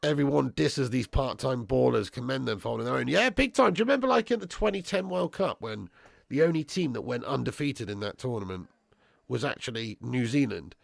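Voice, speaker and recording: A young man hosts a football watch-along, reading live chat with sweary banter and calling viewers lad and bro. His medium-pitched voice is expressive and brisk with vocal fry, recorded at studio quality with no echo.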